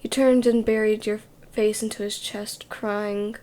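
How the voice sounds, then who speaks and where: A woman narrating a second-person story in a whispered role-play, in a hushed voice. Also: medium pitch, level tone, a little slow.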